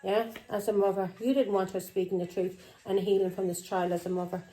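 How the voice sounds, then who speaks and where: A woman's voice: medium pitch, little pitch movement, fairly quick, mellow, faint music behind, low-quality recording. A woman giving a tarot reading in a confrontational, accusing tone who keeps breaking in with "Yeah?". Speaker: tarot reader.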